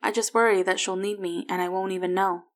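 A woman's voice: medium pitch, fairly even intonation, fast, natural voice. A woman voicing a protective, earnest expectant father in a story reading.

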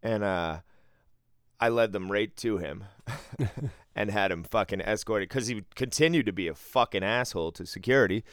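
Man, podcast co-host, profane animated storyteller, resonant voice, close dry mic. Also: on the low side, normal speed, smooth, no room sound. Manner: profane, animated storyteller who often acts out quotes. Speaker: podcast co-host telling a casino work story.

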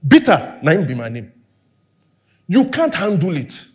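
Man, sermon, high voice, swinging pitch, sudden hushed asides. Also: unhurried. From Nigeria. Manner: animated, acts out quoted dialogue; drops to near whispers for emphasis. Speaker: pastor.

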